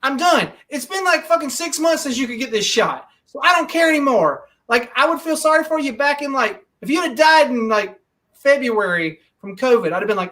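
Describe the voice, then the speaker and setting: Higher voice, heated profane rant, podcast host, a bit off-mic. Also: sing-song, a little fast, bright, forceful tone, distant mic. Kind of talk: casual podcast chat.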